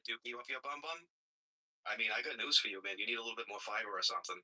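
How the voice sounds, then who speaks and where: A man's voice: mid-range voice, rapid-fire, bright, forceful tone, rough recording. A man joining a crude, casual chat in an online room, teasing and offhand.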